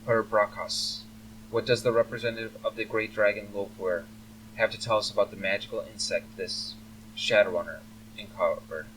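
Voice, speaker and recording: A man voicing a cold, aristocratic elf father who speaks in a formal, measured, icy way. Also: fairly low pitch, steady tone, fairly bright tone, a little hiss or hum, lightly acted. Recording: faint humming, slightly distant mic.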